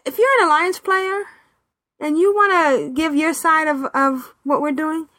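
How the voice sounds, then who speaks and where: A woman's voice: sits high, measured pace, a bit bright, no room sound. A woman co-hosting a casual gaming podcast, chatting, laughing often and reading out listener emails. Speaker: podcast co-host. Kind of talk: casual chat.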